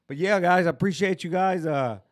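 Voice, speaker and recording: Brief: easygoing thirties male podcast host, joking and relaxed, dry close mic. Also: high voice, a little fast, dry recording. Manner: easygoing, joking, laughs often. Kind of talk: casual chat. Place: rooftop outdoors in downtown Dallas.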